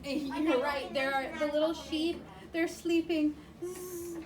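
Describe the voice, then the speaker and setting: A woman reading a picture book aloud to a child in a slow, sing-song way, stopping to ask questions. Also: sits high, fairly even intonation, crowd noise. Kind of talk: read-aloud storytelling. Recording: distant mic with clear background noise.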